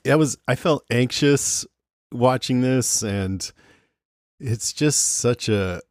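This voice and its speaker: A man co-hosting a podcast, talking through a TV episode in a relaxed, reflective way. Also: mid-range voice, slow, no echo, clean studio sound. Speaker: podcast co-host. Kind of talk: casual TV recap chat.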